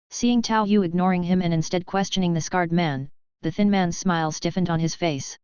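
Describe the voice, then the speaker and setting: Lowish smooth lady reading an audiobook, even and measured, dry slightly muffled sound. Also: dry recording. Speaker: audiobook narrator. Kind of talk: scripted novel narration.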